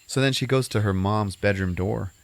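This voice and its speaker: Casual podcast host, a man with a low voice, rambling and loose as he recaps a movie and swears now and then. He keeps the talk chatty and unscripted. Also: normal speed, gravelly, no echo.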